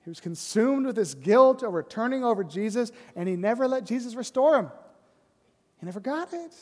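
A man preaching a sermon as pastor, conversational and often asking "right?", dropping to a soft, low voice for emphasis. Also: animated, fairly quick, long reverb tail.

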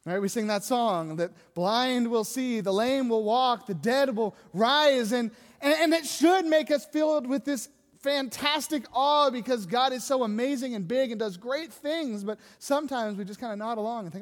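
A pastor delivers a sermon in a high-pitched voice, talking to the congregation in a chatty way and asking them rhetorical questions. The voice carries a long hall reverb from the church sanctuary. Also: normal speed.

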